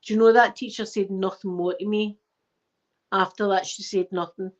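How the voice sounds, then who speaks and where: A Scottish woman who hosts a channel tells stories casually to her live chat in an animated, emphatic way, often repeating herself. Her voice is mid-range at a normal speed, captured on a dull lo-fi mic.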